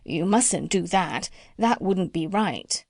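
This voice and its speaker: A woman voicing a gentle, polite male doctor in a storybook reading, speaking slowly and carefully. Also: lowish voice, expressive, no echo, clean studio sound, exaggerated voice. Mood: mild. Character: gentle, mild middle-aged male doctor.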